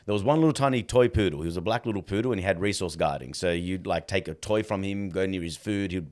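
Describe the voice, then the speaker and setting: Guy in his thirties, very deep voice, chatty guest who re-enacts conversations, lots of "bro". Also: fast. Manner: animated, acts out dialogue, fills with "like" and "bro". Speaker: podcast guest. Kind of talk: casual storytelling.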